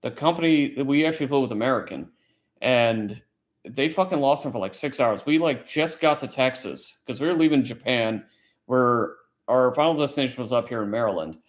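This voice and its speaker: A man's voice: medium pitch, moderate pace. A man hosting a casual late-night chat stream, telling a long story in a rambling, profane way. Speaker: livestream host; military service member.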